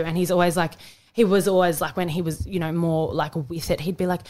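A woman's voice: fairly low pitch, fairly even intonation, fairly quick, warm tone. A young adult woman with an Australian accent, co-hosting a podcast and talking casually and emotionally, with many restarts and fillers. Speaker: podcast co-host. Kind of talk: casual chat.

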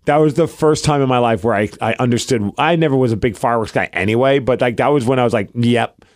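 A man's voice: mid-range voice, fast talker, no echo, studio quality. A man in his forties co-hosting a podcast, bantering and teasing in casual chat. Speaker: podcast co-host.

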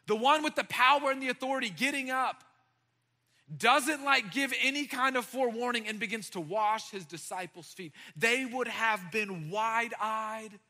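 A man preaching a sermon to young adults, animated and conversational, with frequent fillers and restarts. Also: high-pitched, big-room sound. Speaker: pastor. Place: church hall.

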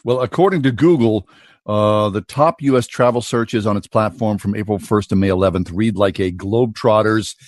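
A man's voice: on the low side, normal speed, no room sound. A middle-aged man hosting a radio talk show from a spare room at home, chatting loosely with many fillers. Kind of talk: casual on-air chat.

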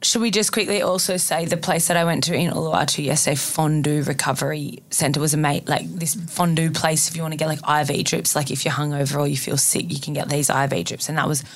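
A woman's voice: low-pitched, fairly even intonation, quick pace, few pauses. A woman co-hosting a podcast in casual chat, enthusiastic and swearing freely. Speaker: podcast co-host.

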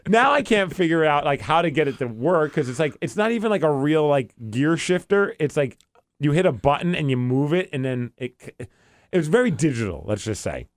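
A man's voice: fairly high pitch, very animated, a little fast, dry recording, studio quality. A man on a podcast telling a story in casual chat, acting out both sides of the dialogue. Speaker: podcast host.

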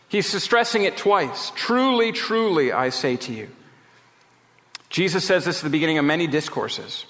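A man preaching a sermon as a pastor, slow and emphatic with dramatic pauses. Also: a little high, a bit bright, in a large hall. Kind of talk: radio sermon.

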